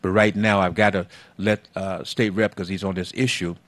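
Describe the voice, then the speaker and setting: A fairly low-voiced man runs a call-in talk show in a folksy, easygoing way. He leans on words for emphasis and talks to his callers like old friends. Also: fairly even intonation, fairly bright tone. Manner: folksy, drawn-out emphasis, calls guests baby.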